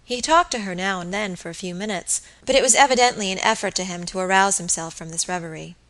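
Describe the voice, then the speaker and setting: A woman reading a classic novel aloud as an audiobook narrator, with steady, even storytelling. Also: medium pitch, fast talker, poor audio. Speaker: audiobook reader. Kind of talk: scripted narration.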